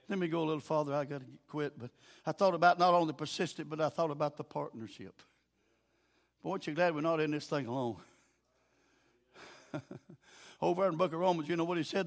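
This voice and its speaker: Speaking with a Southern US accent, an older man preaches a sermon in a folksy, storytelling style. His voice drops low and quiet, then rises to shouts.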